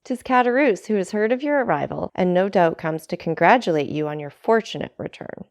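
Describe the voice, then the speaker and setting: Brief: meek old father, soft and self-effacing, voiced by a woman, low and gravelly. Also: expressive, fairly quick. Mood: gentle. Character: frail old father, gentle and modest. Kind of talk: audiobook character reading.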